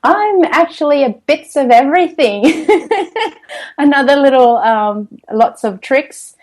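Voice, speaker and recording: A woman's voice: high-pitched, lively intonation, slow, a little mellow, low-quality recording. A woman with an Australian accent, a podcast guest in casual interview chat, cheerful and laughing often as she talks.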